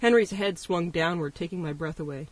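A man's voice: fairly high pitch, brisk. A man narrating an audiobook in a wry first-person storytelling manner. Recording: voice distant from the mic.

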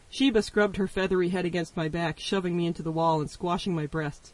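Man reading an audiobook, wry first-person telling, pretty high voice, mic kinda far away. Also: steady tone, brisk, hardly any pauses, no echo. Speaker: narrator. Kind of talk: audiobook narration. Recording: voice distant from the mic.

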